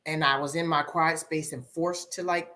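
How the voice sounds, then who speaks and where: A middle-aged woman, a life coach guest on a podcast, telling her story candidly and reflectively, with many pauses and repeated phrases. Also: low voice, fairly even intonation, pushed and bright.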